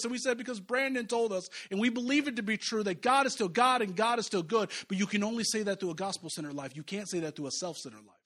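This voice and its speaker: A man's voice: sits high, quick pace, hardly any pauses, fairly bright tone. A man preaching as pastor, talking conversationally to his church and rising to fervent emphasis. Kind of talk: sermon.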